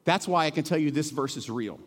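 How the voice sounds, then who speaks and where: Middle-aged pastor guy preaching, kinda high voice, gets quiet then builds up big, echoey church. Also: animated, a little fast. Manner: earnest, emotional, swings from hushed to rising emphatic. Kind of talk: sermon. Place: church sanctuary.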